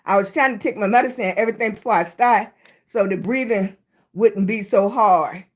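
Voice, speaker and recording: A woman's voice: medium pitch, a little fast. A woman with a Southern US accent hosting a casual livestream chat, greeting viewers by name on her phone. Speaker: livestream host.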